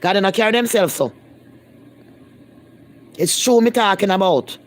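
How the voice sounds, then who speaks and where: In a casual live-stream chat, a Jamaican woman vlogger addresses her viewers in thick patois, blunt and emphatic, repeating lines to press her point. Her mid-range voice has lively intonation at a normal speed.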